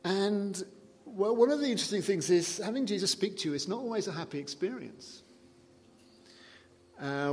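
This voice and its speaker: A man preaching a sermon in a conversational way, dropping soft and low to quote scripture. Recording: long reverb of a large hall.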